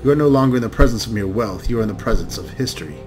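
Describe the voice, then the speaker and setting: A man reading a game's narration aloud in a steady, descriptive way. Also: on the low side, rapid-fire, rough recording. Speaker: let's play narrator. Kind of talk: reading game text aloud.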